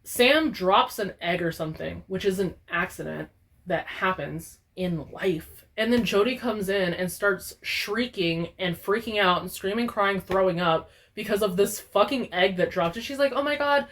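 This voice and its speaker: A woman's voice: medium pitch, measured pace. Young woman ranting with lots of swearing. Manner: profane, animated, exaggerated ranting. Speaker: gaming YouTuber. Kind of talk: casual ranting vlog.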